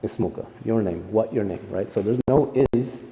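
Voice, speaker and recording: A man's voice: lowish voice, moderate pace, mellow. A man teaching an Arabic lesson to a class, explaining step by step and checking in with "right?" after nearly every phrase. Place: classroom in a mosque. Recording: echoey hall, muffled sound.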